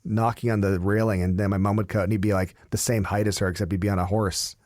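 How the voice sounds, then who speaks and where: A man's voice: fairly low pitch, little pitch movement, fast talker, darkish tone. A man chatting as an interview guest, telling stories in a loose, anecdotal way. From Canada. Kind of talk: casual interview chat.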